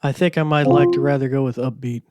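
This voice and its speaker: A man's voice: medium pitch, steady tone, fast talker, background noise. A man hosting a casual tech podcast, chatty and rambling, with plenty of fillers. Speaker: podcast host.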